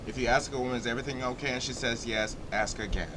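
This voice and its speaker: A man's voice: medium pitch, steady tone, fast, noisy background. A man co-hosting a casual talk show, giving blunt, outspoken opinions. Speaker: co-host, stylist. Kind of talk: casual chat.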